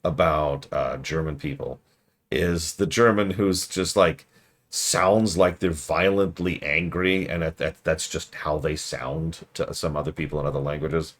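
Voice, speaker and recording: A man streaming a game review, rambling through jokey riffs with deadpan asides. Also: a bass voice, unhurried. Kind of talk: casual livestream commentary.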